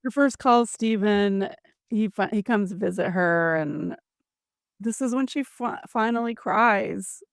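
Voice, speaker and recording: A woman's voice: mid-range voice, takes it slowly, gravelly, dry recording, studio quality. A woman co-hosting a podcast, chatting and recapping a story with sympathy. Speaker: podcast co-host. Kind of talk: casual chat.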